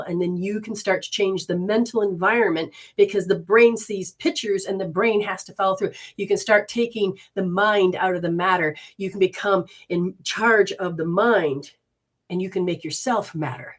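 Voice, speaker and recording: A woman leading a live healing session and giving readings, soothing and coaxing with repeated instructions. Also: fairly low pitch. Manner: talks to viewers and spirits, switches fast between voices.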